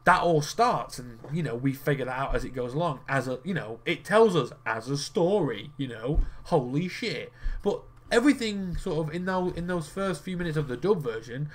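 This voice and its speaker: A man's voice: a little high, lively intonation, moderate pace. A young man rambling in casual commentary while he plays a card game, swearing freely and restarting his sentences as he gets worked up. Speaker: gaming video creator.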